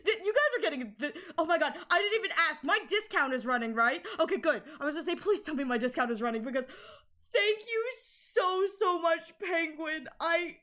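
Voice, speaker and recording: A woman's voice: high voice, lively intonation, quick pace, hardly any pauses, sharp tone. A woman streamer in casual live-stream chat, emotional and tearful, laughing as she thanks viewers.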